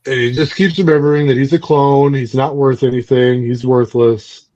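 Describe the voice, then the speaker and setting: A man's voice: medium pitch, fairly even intonation, moderate pace, mellow, dry recording, dull audio. A man hosting a book club podcast, casually recapping and reviewing a comic in a rambling way, with many fillers and restarts.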